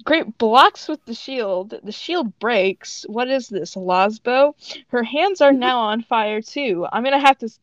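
Woman co-host, casual reading aloud, giggly, joking asides, somewhat high voice, muffled lo-fi sound. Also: lively intonation, slow pace, no room sound. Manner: giggly, stumbling over words, joking asides. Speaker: podcast co-host.

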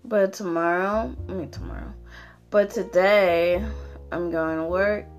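A woman's voice: lowish voice, steady tone, unhurried, soft background music. A young woman hosting her own podcast, ranting casually with lots of fillers and swearing, sounding tired. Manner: rambling, profane, frequent fillers. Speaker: podcast host. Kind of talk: casual solo rant.

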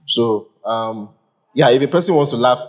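Pastor with repetitive calm-down phrasing. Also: male voice, medium pitch, moderate pace. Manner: calls for order, repeats short phrases. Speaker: pastor leading the discussion. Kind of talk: church Bible-study discussion.

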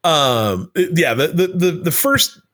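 A man's voice: fairly high pitch, animated, slow pace, fairly bright tone. A man co-hosting a casual chat, rambling with many restarts and fillers. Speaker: podcast co-host.

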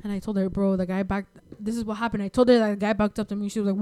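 A young woman telling a rambling, animated story in casual chat. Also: medium pitch, racing, smooth. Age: young adult.

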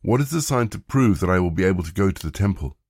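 A man reads a humbled, ailing old king in a low, deep voice, with plain and unhurried delivery. The recording is dry and close. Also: animated, darkish tone, husky, no room sound, exaggerated voice.

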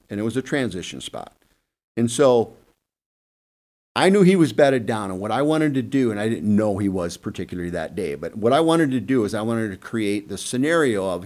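A man telling hunting stories casually on a panel, acting out quick asides with an animated delivery. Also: fairly low pitch. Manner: animated, acts out deer and buddies in quick asides. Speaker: guest hunting expert. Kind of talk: casual storytelling on a podcast panel.

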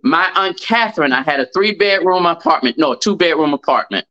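A man's voice: on the high side, animated, brisk, sharp tone, lo-fi sound. A middle-aged man, a podcast guest telling a personal story. He stresses and repeats key phrases.

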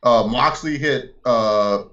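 A man co-hosting a casual wrestling podcast, rambling excitedly through recaps and laughing often. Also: mid-range voice, slow pace, lo-fi sound. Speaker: podcast co-host.

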